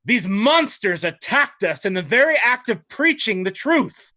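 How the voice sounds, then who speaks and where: A man doing a preachy young priest in his twenties, stern and self-righteous, speaking with a bright, fairly high voice. He lectures in indignant tones during a tabletop game. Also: very animated, unhurried, exaggerated voice. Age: 20s.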